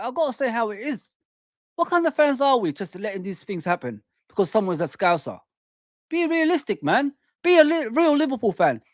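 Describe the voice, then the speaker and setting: A man's voice: very high-pitched, no room sound, studio quality. A man hosting a football fan channel, ranting heatedly and repeating "man" and "people" at his listeners. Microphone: desk microphone.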